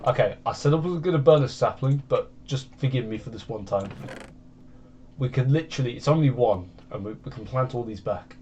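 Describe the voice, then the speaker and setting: This British gaming channel host rambles casually over a video game from his home computer, his meandering chat delivered at medium pitch, a little fast and a little mellow. The lo-fi recording carries a faint hiss or hum.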